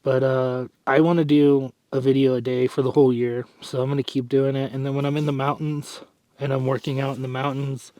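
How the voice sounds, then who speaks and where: A man's voice: mid-range voice, level tone, fairly quick, warm tone, dry recording, highs cut off. Breathless rambling man vlogging. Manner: rambling, self-correcting, sighs and clears throat. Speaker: fitness vlogger. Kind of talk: casual vlog talk.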